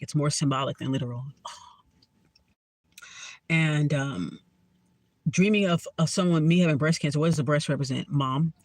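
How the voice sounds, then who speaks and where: A woman's voice: low voice, no echo. A woman tarot reader telling a story in a casual vlog, talking bluntly, sarcastically and with plenty of swearing.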